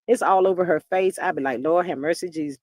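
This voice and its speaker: A woman's voice: lowish voice, quick pace, no room sound. A woman hosts a casual gossip live stream, exclaiming, drawling and reading viewer comments aloud. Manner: animated, exclaims and drawls, reads chat aloud.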